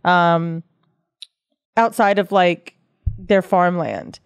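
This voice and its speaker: A woman's voice: on the low side, fairly even intonation, drawn-out words, clean tone, no room sound, studio quality. A woman co-hosting a podcast, reading out odd facts in casual chat, laughing often and swearing freely. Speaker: podcast co-host. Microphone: studio mic.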